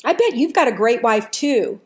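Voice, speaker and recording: A woman's voice: a little high, animated, moderate pace, natural voice. A woman voicing a cheerful little old man of about eighty who talks in a friendly sing-song.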